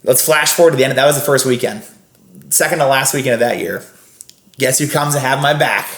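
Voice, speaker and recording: A man rattles quickly through casual stories, rambling and restarting his sentences. His voice sits at an ordinary pitch, and it carries in an echoey room. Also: fairly bright tone. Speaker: guest, scare actor. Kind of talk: casual storytelling on a podcast.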